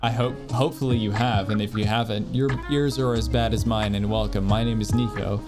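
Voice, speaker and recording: A man's voice: on the low side, steady tone, brisk. Rambling, joking male game streamer. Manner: rambling, self-deprecating, jokey. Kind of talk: casual stream chat. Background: faint music.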